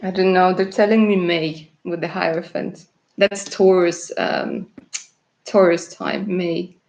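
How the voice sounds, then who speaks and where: A woman from Russia doing live-stream tarot readings, chatty and warm in her words, laughing often and calling viewers darling. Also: on the low side, steady tone, slow pace, vocal fry. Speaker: tarot reader.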